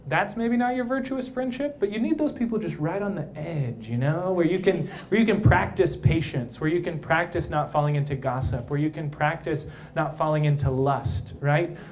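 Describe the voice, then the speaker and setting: Playful, chatty priest with a light voice. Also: male voice, fairly high pitch, darkish tone, slight background noise. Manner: playful, conversational, keeps asking "right?". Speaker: priest speaking at a young adult event. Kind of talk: casual live talk to a crowd. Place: brewery, live audience.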